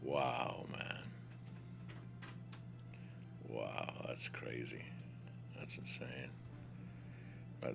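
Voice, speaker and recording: A man giving a casual screen-recorded software tutorial, excitable and talking to himself with playful swearing. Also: very deep voice, creaky.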